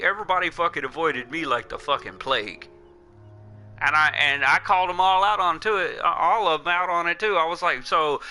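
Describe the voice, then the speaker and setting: Male streamer, blunt and profane, heated storytelling rant, sharp bright tone. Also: medium pitch. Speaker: livestream host. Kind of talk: casual livestream storytelling.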